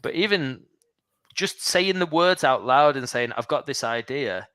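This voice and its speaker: A man's voice: mid-range voice, animated, measured pace, pushed and bright, no echo. A male comedian, a guest on the show, telling anecdotes in casual chat and acting out the lines he quotes. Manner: laughs easily, acts out quoted lines.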